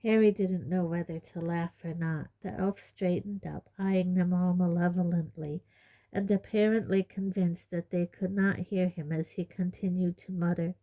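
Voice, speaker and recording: A woman with a lowish voice reads an audiobook, narrating in a steady, measured storytelling style.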